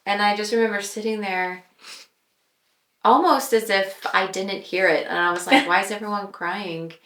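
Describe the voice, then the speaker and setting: A woman guest on a podcast, sharing a personal faith testimony in an earnest, reflective way, with pauses and fillers. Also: mid-range voice, fairly bright tone. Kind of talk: personal testimony in casual chat. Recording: roomy echo.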